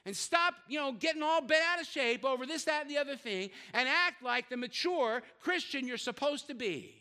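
High, bright-voiced older male pastor. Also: lively intonation, normal speed, big-room sound. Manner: conversational, joking asides, repeats words while searching. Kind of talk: sermon.

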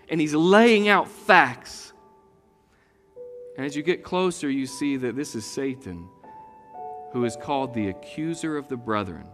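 A man preaching a sermon as pastor, earnest and slow, dropping to hushed tones at times. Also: fairly high pitch, in a large hall. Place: church sanctuary.

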